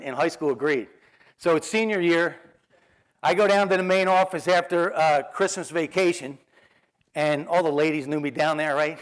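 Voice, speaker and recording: A middle-aged man with a New Jersey accent telling personal stories in a keynote talk, acting out the dialogue and laughing often. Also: fairly high pitch. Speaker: motivational speaker.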